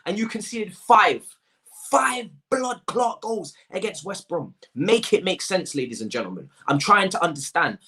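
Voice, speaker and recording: A man's voice: high voice, fairly bright tone. A man hosts a football fan channel and reviews a match to camera. He sounds exasperated, repeats phrases for emphasis and talks in slang, close to the mic.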